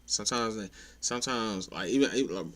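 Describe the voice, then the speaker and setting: A young man talks in a deep, low voice. He runs through a list of his pet peeves in a laid-back, profane way. Now and then his voice climbs in exasperation. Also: a little fast, fairly bright tone. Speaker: content creator ranting to viewers. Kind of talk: casual opinion rant.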